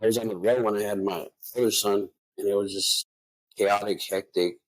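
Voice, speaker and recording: A man's voice: on the low side, fairly even intonation, a little fast, no room sound, rough recording. A man hosting a podcast interview, sharing his own story with short affirming remarks. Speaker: podcast host. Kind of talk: casual interview chat.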